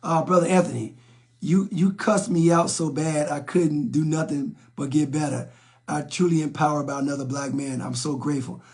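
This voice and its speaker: Blunt, gravelly-voiced man on a live stream. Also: a little high, steady tone, normal speed, darkish tone. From South Side of Chicago, USA. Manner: blunt, preachy, repeats himself and stumbles over words. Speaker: relationship talk show host. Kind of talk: live-stream talk, reading and answering viewer comments.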